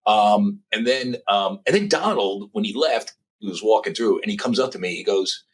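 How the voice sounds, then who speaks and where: A middle-aged man, telling profane, lively anecdotes as a journalist guest in a casual interview. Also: fairly low pitch, moderate pace, breathy edge. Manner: animated, profane anecdotes with impressions.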